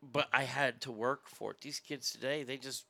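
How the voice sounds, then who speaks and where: Male guest, gravelly and cutting, swears freely, grumbles about kids today. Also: mid-range voice, steady tone, normal speed, pushed and bright, no room sound. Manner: profane, grumbling. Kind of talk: casual chat.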